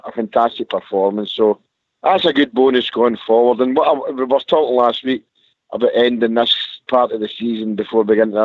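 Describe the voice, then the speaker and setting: A man's voice: on the low side, no echo. A man with a Scottish accent calling in to a radio phone-in from a parked car, gushing about the match with lots of superlatives. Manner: enthusiastic, repeats superlatives. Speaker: caller. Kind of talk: casual phone-in chat. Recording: muffled phone line.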